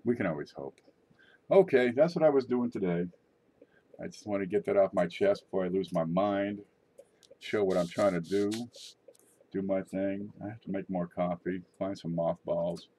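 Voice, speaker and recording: Husky middle-aged man rambling. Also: sits low, moderate pace, warm tone. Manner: rambling, joking, offhand. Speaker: channel host. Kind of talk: casual rambling vlog monologue.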